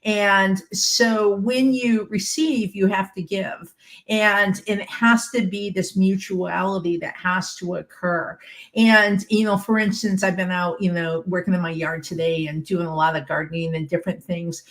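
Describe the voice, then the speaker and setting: Earnest woman explaining gently. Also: medium pitch, steady tone, a little slow. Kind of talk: casual panel chat.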